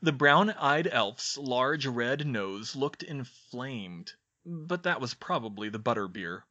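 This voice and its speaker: A man reading a story aloud in a steady, even narration. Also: mid-range voice, takes it slowly, highs cut off. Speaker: audiobook reader.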